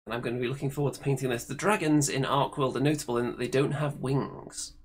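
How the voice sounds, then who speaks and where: A man's voice: medium pitch, quick pace, husky. A man hosting a casual hobby chat show, presenting the segments in a chatty way. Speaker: host.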